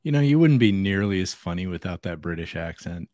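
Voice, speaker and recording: Lively, low-voiced easygoing man. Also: fairly quick, dry recording. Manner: easygoing, self-deprecating, laughs often. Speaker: podcast co-host. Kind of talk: casual chat.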